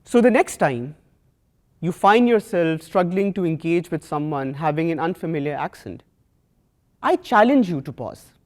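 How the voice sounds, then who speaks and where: A man in his twenties with a Pakistani accent, giving a prepared student talk in an earnest, measured way with deliberate pauses. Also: a little high, expressive, darkish tone. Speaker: student speaker.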